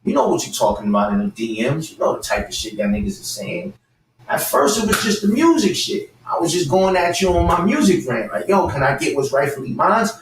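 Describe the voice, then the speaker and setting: A man, around forty, rants with heat and a lively, swinging pitch, at times breaking into shouts. He sounds set back from the mic in a roomy, echoey space with faint hiss behind him. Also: a little fast, far from the mic. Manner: animated, fired-up, repeats his target's name, bursts into shouting. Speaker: guest. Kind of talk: heated callout rant and storytelling.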